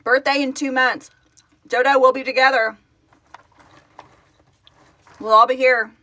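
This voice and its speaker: A woman who founded a fan project, hosting a casual live stream, answering viewers' comments in an excitable, gushing way and laughing often. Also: sits high, measured pace.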